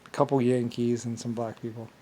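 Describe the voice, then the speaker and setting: Man, rambling monologue, halting, repeats words, trails off, middling pitch. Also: little pitch movement, warm tone, a little hiss or hum. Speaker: vlogger.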